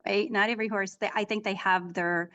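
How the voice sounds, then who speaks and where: A middle-aged woman talking casually as a guest in an interview. She tells her stories in an animated, chatty way, often restarting her sentences. Her voice sits at an ordinary middle pitch. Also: fairly quick. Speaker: author and equine therapist, guest.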